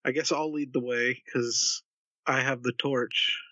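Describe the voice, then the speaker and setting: A man talks through his tabletop game moves in a casual, rambling way, often tripping over his words. His voice is bright and a little raised, with a slightly muffled, dry sound. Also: medium pitch, fairly even intonation, unhurried, no room sound. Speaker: player.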